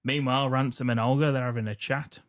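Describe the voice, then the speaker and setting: A man's voice: mid-range voice, fairly even intonation, fast. A man co-hosting a comedy film podcast, recapping the plot with dry quips. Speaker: podcast co-host. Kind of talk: casual comedic film chat.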